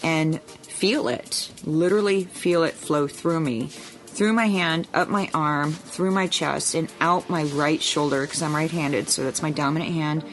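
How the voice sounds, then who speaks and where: Low-voiced woman podcast co-host. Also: measured pace, soft background music. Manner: earnest and explanatory, with frank asides. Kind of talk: casual chat.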